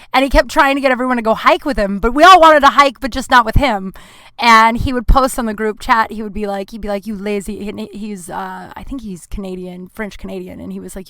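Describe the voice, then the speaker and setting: A woman's voice: fairly high pitch, fairly bright tone, smooth, no room sound. A woman hosting her own podcast, telling stories in a rambling, frank, casual way with plenty of fillers and swearing. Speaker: podcast host. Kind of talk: casual solo podcast storytelling.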